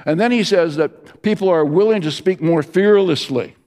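With a high voice and darkish tone at normal speed, a middle-aged pastor preaches, telling stories punctuated by many fillers and restarts. A large hall's long reverb surrounds him.

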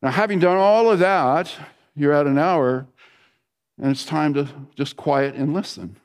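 A man's voice: fairly high pitch, measured pace, long reverb tail. Man preaching a conversational sermon. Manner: conversational storytelling preacher, drops to a soft hush for prayers. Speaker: pastor.

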